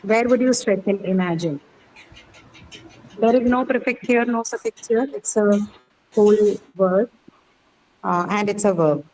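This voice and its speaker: Woman teacher, mid-pitched voice, patient step-by-step explaining, faint background noise. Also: unhurried, pauses often, a little mellow, rough recording. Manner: explains step by step, often checking with "okay?". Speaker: English teacher. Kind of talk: online class lecture.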